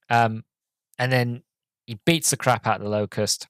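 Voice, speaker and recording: A man's voice: medium pitch, racing, no room sound. A man hosting a podcast alone, talking casually and earnestly, with many ums and restarts and a voice that gets emotional. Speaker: podcast host. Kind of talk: casual solo podcast talk.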